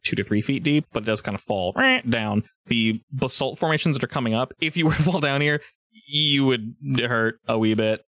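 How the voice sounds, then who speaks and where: A man runs a tabletop game, describing the scene in a loose, rambling way with plenty of fillers and restarts. His voice sits at an ordinary middle pitch. The recording is close and dry. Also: fairly bright tone, dry recording. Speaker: game master. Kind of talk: improvised tabletop game narration.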